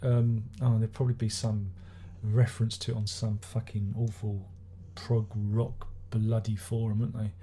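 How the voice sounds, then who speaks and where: A man's voice: fairly low pitch, flat delivery, normal speed, few pauses, warm tone, slight background noise. A man giving a rambling, sardonic album review, swearing and restarting his sentences as he goes. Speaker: music reviewer. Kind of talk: casual spoken album review.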